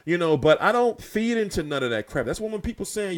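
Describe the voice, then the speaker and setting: A man's voice: on the high side, animated, fast talker. A man hosting his own boxing channel, talking loosely and profanely with lots of fillers. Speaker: boxing commentator, channel host. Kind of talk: casual boxing talk commentary.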